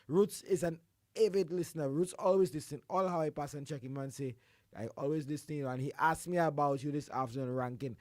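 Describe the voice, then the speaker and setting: A man hosting a radio show, his voice hoarse from the flu, loudly calling out greetings and shout-outs and then settling into quieter chat. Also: fairly high pitch, a little fast, no echo, clean studio sound. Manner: exuberant, shouts greetings, drops into a quieter voice between. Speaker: radio host.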